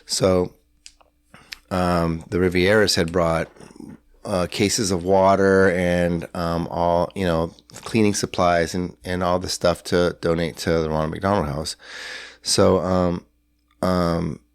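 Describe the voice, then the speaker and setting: Deep-voiced rambling man. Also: flat delivery, slow pace, smooth, no room sound, clean studio sound. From San Antonio, Texas. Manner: rambling, lots of fillers and restarts, acts out dialogue. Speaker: podcast guest. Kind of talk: casual storytelling. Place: hotel room.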